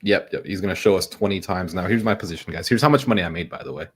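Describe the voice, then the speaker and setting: Low-voiced sarcastic man with a headache. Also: rapid-fire, husky. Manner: sarcastic, joking, mumbling asides. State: suffering a headache. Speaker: day trading streamer. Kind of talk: casual livestream commentary.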